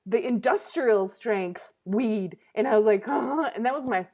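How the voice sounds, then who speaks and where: A woman in her thirties hosting a comedy talk show, telling a story in an animated, laughing, casual way. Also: mid-range voice, normal speed.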